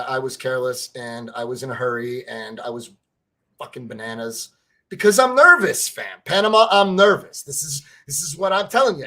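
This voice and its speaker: A man's voice: mid-range voice, pushed and bright. A man co-hosting a podcast in casual sports fan chat, rambling, stammering over his words and swearing freely. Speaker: podcast co-host.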